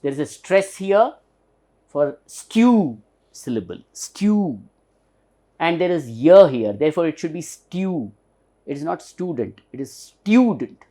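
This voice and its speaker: A man with an Indian English accent teaching a lesson, slowly repeating and stressing the example words. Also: on the high side, expressive, warm tone. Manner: slow, repeats example words several times; stretches and stresses the demonstrated words. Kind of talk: recorded classroom lesson.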